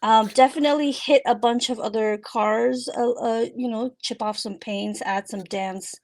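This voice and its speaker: A woman's voice: fairly high pitch, fairly even intonation, normal speed, darkish tone. A woman narrating as game master of a tabletop game, casual and giggly with many fillers.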